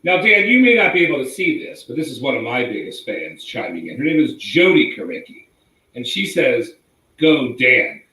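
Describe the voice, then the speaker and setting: A man's voice: medium pitch, big pitch swings, moderate pace, sharp tone. A man co-hosting a live talk show, bantering with jokes and teasing. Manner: teasing, jokey. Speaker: co-host, magazine publisher. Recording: roomy echo.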